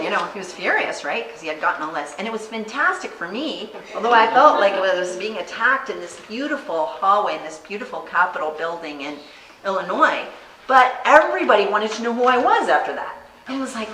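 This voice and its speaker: A woman's voice: medium pitch, sing-song, normal speed, sharp tone, reverberant, recorded from a distance, a little hiss or hum, rough recording. Earnest American woman giving a stump speech. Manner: earnest, storytelling, acts out quoted people. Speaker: congressional candidate.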